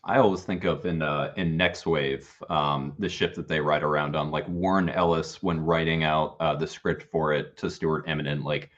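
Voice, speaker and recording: A male guest talking casually and at length, filling his sentences with "like" and "uh." His voice sits very low. The sound is a bit dull and lo-fi, as if heard through a remote call. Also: fairly even intonation, normal speed, few pauses, a bit bright. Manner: rambling, lots of "like" and "uh" fillers. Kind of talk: casual conversation.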